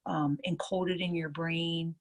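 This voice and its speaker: A woman nurse telling stories from her work in a casual interview, lively and acting out what others said. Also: fairly low pitch, takes it slowly. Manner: lively storyteller, acts out others' lines. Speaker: nurse and EFT tapping practitioner.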